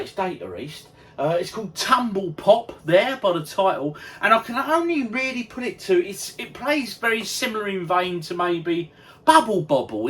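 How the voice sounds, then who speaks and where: A man's voice: high voice, a bit bright. A man, a few beers in, chatting and bantering casually while he plays retro games at home. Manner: chatty, jokey banter, commentating while playing. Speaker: retro gaming vlogger. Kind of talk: casual gaming vlog chat. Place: at home, indoors. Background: game music.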